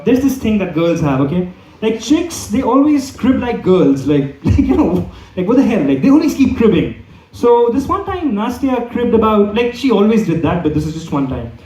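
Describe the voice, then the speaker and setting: A young man doing stand-up in a comedy club hall, his voice high for a man and swinging up and down with lively energy. He rambles through his set and keeps checking in with the crowd. The mic picks him up from a distance, so he sounds roomy. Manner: rambling, repeats "okay?" often. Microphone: handheld microphone.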